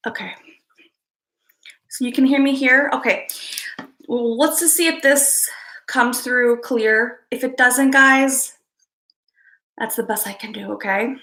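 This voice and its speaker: Female livestream host, slightly high voice, winded, halting casual chat that keeps checking in with viewers. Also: pushed and bright. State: out of breath.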